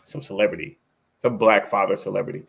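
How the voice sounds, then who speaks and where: A man's voice: fairly low pitch, fairly even intonation, fast, gravelly, slightly rough. A man hosting a casual podcast, asking probing follow-up questions.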